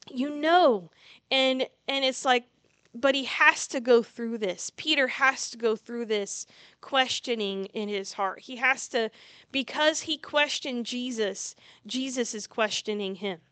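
High, bright-voiced woman preaching casually. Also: a little slow, clear, resonant tone, no room sound. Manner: earnest storytelling with many restarts. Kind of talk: casual sermon.

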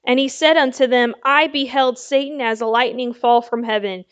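Slow, high-voiced woman preaching. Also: fairly bright tone, clean tone, muffled recording. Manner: slow, emphatic preaching with call-and-response "Amen?". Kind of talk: sermon.

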